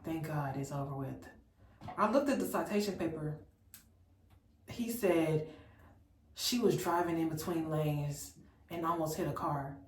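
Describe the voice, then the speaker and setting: A woman from Memphis telling a storytime in an animated, incredulous, chatty way. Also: on the low side, roomy sound, distant mic, a little hiss or hum, rough recording. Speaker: vlogger. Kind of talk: storytime vlog.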